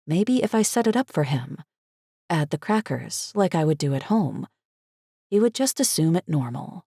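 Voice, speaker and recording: A woman reading a first-person thriller audiobook in a measured, steady storytelling voice. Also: low voice, husky, no echo, clean studio sound. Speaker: audiobook narrator.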